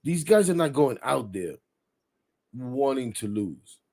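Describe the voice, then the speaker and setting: A middle-aged man hosting a casual sports podcast, talking in an animated, rambling way, swearing freely and getting heated. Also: medium pitch, takes it slowly. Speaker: podcast host.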